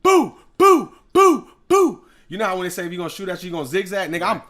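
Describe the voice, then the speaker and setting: A man, a rapper guest telling a story in an animated way, acting out other people's voices and loud sound effects. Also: high-pitched, rapid-fire.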